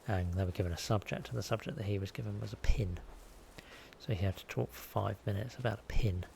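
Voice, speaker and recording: A man chats his way through a live game stream, rambling and making fun of himself. His voice is fairly low and gravelly. The audio is noisy, with game ambience behind him. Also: fast talker. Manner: chatty, rambling, self-deprecating. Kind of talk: casual live-stream commentary.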